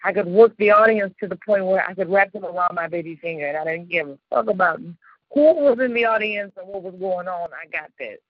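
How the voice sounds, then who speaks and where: A woman's voice: lowish voice, a little fast, no echo. Woman, radio host, from the chicago suburbs, casual storytelling, slangy, laughing often, dry and slightly muffled sound. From Chicago suburbs, United States.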